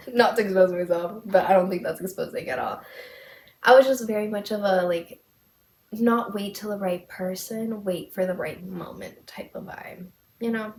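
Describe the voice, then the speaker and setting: Chatty young woman podcaster, gravelly edge. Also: mid-range voice, normal speed. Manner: chatty, lots of "like", dramatic retelling. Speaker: podcast host. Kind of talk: casual storytelling. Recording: echoey room with faint hiss.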